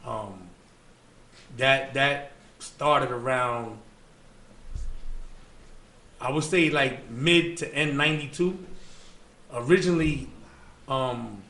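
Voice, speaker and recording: Bright-voiced New York man telling stories. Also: medium pitch, takes it slowly, long pauses. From the Bronx, New York. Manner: loose, slangy storytelling with many fillers. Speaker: guest. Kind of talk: casual storytelling interview. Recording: echoey room with faint ambient noise.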